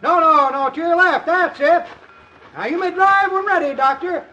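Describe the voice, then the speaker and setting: A rambling old codger who keeps losing count, folksy and fumbling. His voice sits very high and thin. It comes through a muffled old radio recording. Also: moderate pace, pushed and bright, full character voice. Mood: helpful. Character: chattering old male scorekeeper, muddled with numbers. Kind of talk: 1940s radio comedy acting.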